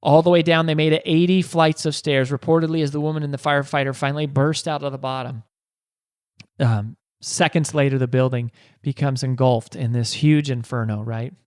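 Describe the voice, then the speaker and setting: A man's voice: mid-range voice, steady tone, a little fast, darkish tone, clean tone, no echo, clean studio sound. A man hosting a podcast, telling a motivational story earnestly, with frequent restarts and rhetorical questions. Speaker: podcast host.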